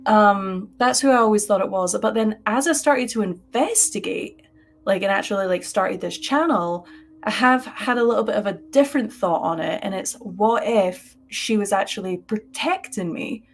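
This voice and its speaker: Woman, stream co-host, animated and chatty, full of "like" fillers, webcam sound, mid-pitched voice. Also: moderate pace, a little hiss or hum. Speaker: podcast co-host. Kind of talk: casual live-stream storytelling. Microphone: webcam on a live stream.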